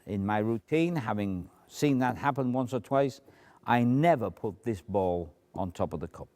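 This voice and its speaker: A man's voice: lowish voice, animated, normal speed, darkish tone. A man, a magician talking through a routine in a chatty, explanatory way, with asides. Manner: chatty, explanatory, shifts into asides and acted quotes. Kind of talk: demonstration tutorial.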